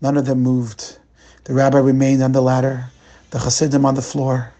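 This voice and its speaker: A male rabbi telling a weekly sermon story in a slow, dramatic way. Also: medium pitch, completely flat delivery, mellow.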